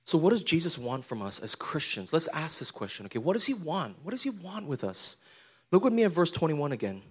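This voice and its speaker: High-voiced pastor preaching casually. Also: male voice, very animated, brisk, slightly rough. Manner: casual conversational preaching, slangy asides; asks the congregation questions. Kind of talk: sermon.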